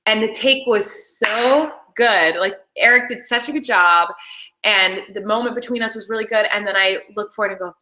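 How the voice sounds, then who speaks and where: A woman's voice: medium pitch, moderate pace, pushed and bright, poor audio. A young woman casually chatting about filming her show, rambling with lots of "like"s. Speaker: actress commenting on her show. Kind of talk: casual behind-the-scenes commentary.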